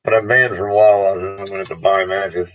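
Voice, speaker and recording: A man's voice: sits low, steady tone, muffled recording. A man talking in a rambling, casual monologue to camera, swearing freely and restarting his sentences often. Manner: meandering, profane, halting restarts. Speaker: vlogger.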